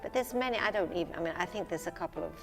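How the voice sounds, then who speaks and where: A woman's voice: fairly low pitch, expressive, racing, music in the background. Candid older woman singer, reverberant sound. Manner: candid, self-deprecating, laughs often. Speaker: singer and stage actress, interview guest. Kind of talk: relaxed conversational interview.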